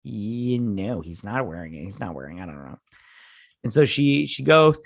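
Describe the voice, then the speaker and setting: A man's voice: fairly low pitch, normal speed, gravelly, no room sound, clean studio sound. Rambling man recapping an episode. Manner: rambling, animated retelling with acted-out quotes. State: tired, yawning. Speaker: host.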